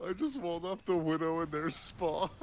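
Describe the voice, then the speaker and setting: Animated young man swearing while gaming. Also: a little high, normal speed, slight background noise. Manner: swears a lot, laughs often, animated storytelling. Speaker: gameplay streamer. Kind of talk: casual chat while gaming.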